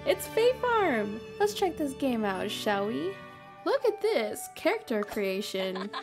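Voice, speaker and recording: A woman's voice: fairly high pitch, big pitch swings, slow pace, music in the background. Giggly young woman gaming host. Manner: giggly, laughs constantly. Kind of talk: casual let's-play commentary.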